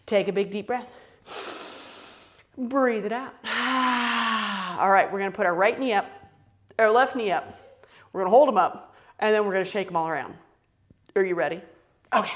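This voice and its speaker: A woman's voice: mid-range voice, moderate pace, pauses often. A middle-aged woman teaching a playful, encouraging yoga class for kids, calling out each movement. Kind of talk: kids' yoga class instruction.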